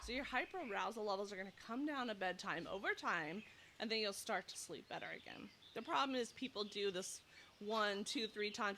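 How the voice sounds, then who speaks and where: Bright-voiced nurse talking outdoors. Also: female voice, mid-range voice, fairly quick, slight background noise. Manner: animated, acts out anxious inner thoughts. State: slightly out of breath. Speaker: nurse and sleep coach. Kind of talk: casual direct-to-camera advice talk. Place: outdoors in humid heat. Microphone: clip-on mic, loosening.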